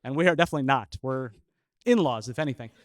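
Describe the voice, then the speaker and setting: Chuckling man telling a story, smooth voice. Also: mid-range voice, lively intonation, fast talker, no echo. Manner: chuckling, with frequent filler uhs. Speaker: storyteller, scientist. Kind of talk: live personal storytelling.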